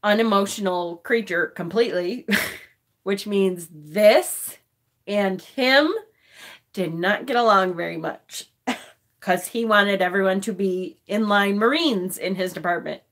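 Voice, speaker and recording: A woman's voice: mid-range voice, slow, a bit bright. Tearful woman in her forties. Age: 40s. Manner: emotional, tearful, laughing and swearing. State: crying. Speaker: live-stream vlogger. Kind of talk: casual live-stream chat. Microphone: phone.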